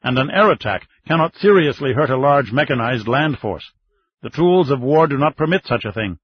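A man doing a booming, stubborn old marshal. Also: expressive, moderate pace, husky, muffled recording. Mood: dismissive. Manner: blustering, insistent. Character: defense minister, a stubborn, booming older male marshal.

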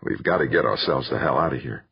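A man's voice: on the low side, sing-song, normal speed, husky, dry recording, full character voice. A man voicing a blunt, grim middle-aged father piloting an ore ship, given to muttering. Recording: slightly muffled.

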